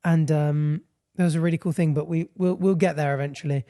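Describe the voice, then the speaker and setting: Young guy cohosting a podcast, kinda high voice, mellow, dry close mic. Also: fairly even intonation, no room sound. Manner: chatty, quick storytelling with impressions. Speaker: podcast co-host. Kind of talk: casual chat.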